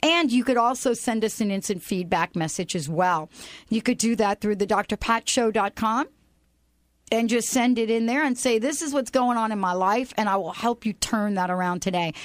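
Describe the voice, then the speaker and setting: Animated high-voiced woman radio host. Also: moderate pace, no room sound. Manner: animated, playful, sings snatches of songs. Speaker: radio talk show host. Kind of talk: upbeat inspirational radio talk.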